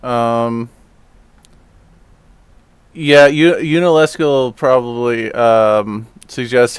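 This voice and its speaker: A man chats through a tabletop game over a voice call, pausing often and filling gaps with ums. His voice is smooth and clear at a mid pitch. The sound is dry and close. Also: steady tone, dry recording. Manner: halting, with fillers. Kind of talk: casual game chat. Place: home, online voice call.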